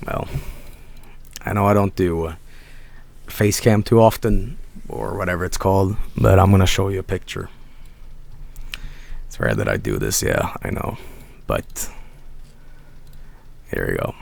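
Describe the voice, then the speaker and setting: A young man with a hoarse voice, chatting casually on his stream in a rambling, laid-back way with lots of fillers. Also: low-pitched.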